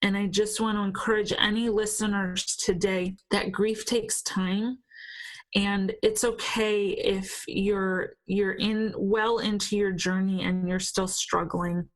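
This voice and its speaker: A woman in her forties speaks slowly and with care, in an earnest, encouraging way. Her pitch sits in the middle of the range, and she pauses to restart her phrases gently as she talks about her faith in an interview. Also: little pitch movement, low-quality recording. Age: 40s. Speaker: guest. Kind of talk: faith-based interview talk.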